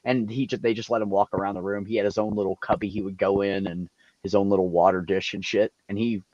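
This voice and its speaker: A man casually telling animated, profane stories over a video call. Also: on the low side, quick pace, no room sound, lo-fi sound. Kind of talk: casual storytelling.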